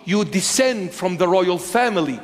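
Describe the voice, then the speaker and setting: A bishop delivers a fiery sermon with a notably high-pitched voice. He hammers points home with mocking rhetorical questions. His voice rings out with a long reverb from a large church hall. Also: animated, moderate pace. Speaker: bishop preaching.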